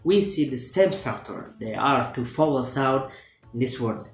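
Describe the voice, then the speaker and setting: Guy reading his class presentation off a script, bit of stumbling, echoey room, quiet music behind. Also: mid-range voice, animated. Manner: reads steadily from a script, with some halting restarts. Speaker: student presenting a class assignment. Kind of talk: read-aloud lesson presentation. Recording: roomy echo with faint music behind.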